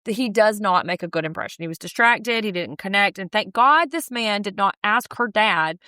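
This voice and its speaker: Woman on a podcast, mid-pitched, dry close sound, fired up recapping and cussing a lot. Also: normal speed, no echo. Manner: animated, emphatic retelling with swearing. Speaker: podcast co-host. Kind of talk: casual chat recapping a reality show.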